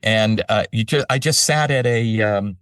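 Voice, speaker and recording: An older man, a voice-over artist, telling animated stories in a casual interview. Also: on the low side, moderate pace, clean tone, dry recording, studio quality, recorded from a distance.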